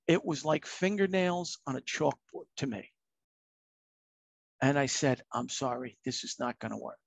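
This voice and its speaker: A middle-aged retired fire captain shares candid personal stories in a plain, earnest, reflective way. His fairly high voice is gravelly with a husky edge, with fairly even intonation at a normal speed. The sound is dry and close, with no room or echo.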